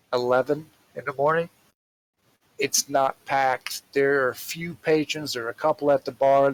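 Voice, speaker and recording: A man narrating a tabletop role-playing game as game master, in a slow, rambling, casual way with fillers. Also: mid-range voice, rough recording.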